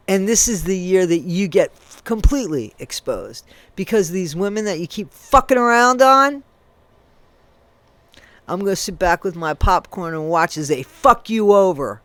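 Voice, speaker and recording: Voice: mid-range voice, a bit bright, dry recording. A commentary creator angrily ranting at someone, accusing him directly and spelling out swear words letter by letter. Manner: heated, accusing, addresses the subject directly.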